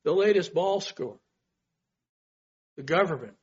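A man delivers a sermon at an unhurried, deliberate pace, his voice slightly husky. He builds through rhetorical questions and lifts his volume on key phrases. The recording is a bit dull and lo-fi. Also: fairly high pitch, lively intonation. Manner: earnest, asks rhetorical questions, swells in emphasis. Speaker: pastor.

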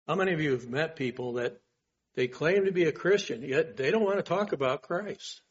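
A man's voice: on the high side, lively intonation, a little fast, breathy edge, muffled recording. A male pastor preaching a sermon in an earnest way, asking rhetorical questions and swelling on his key points.

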